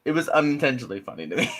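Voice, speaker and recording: A man co-hosting a casual podcast, talking with an excitable, lively voice that swings widely in pitch. He acts out his own reactions as he talks and keeps the chat loose and conversational. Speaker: podcast co-host.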